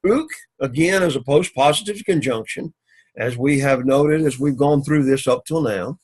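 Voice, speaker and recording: A man teaching an introductory Greek class, explaining grammar methodically and reading Greek phrases slowly. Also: mid-range voice, darkish tone, breathy edge. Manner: methodical, repeats "again" often, reads Greek slowly. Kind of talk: recorded classroom lecture. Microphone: camera recording of a lecture.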